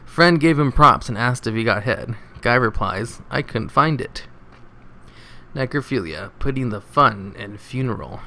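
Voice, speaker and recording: A man's voice: mid-range voice, measured pace. A man reading jokes from online posts aloud, adding laughing asides and comments between them. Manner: reads flatly, then laughs and comments on the jokes.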